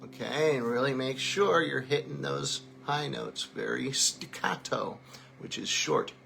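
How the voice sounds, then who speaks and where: A man's voice: mid-range voice, a little slow, vocal fry, bright, forceful tone, soft background music. A man teaching a singing lesson, explaining technique and then singing short vowel drills to demonstrate. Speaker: vocal coach.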